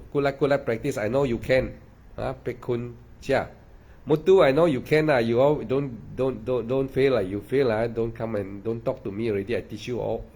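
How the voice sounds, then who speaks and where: A meditation teacher speaks in a slightly mellow, mid-range male voice during a dharma talk. His delivery is repetitive and emphatic, peppered with frequent "ah" and "lah."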